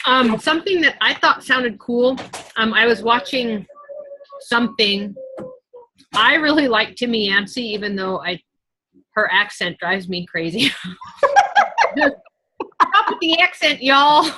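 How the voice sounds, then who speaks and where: A woman on a team video call, telling a story in a lively, casual way. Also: on the high side, a little slow, long pauses, poor audio. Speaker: team member.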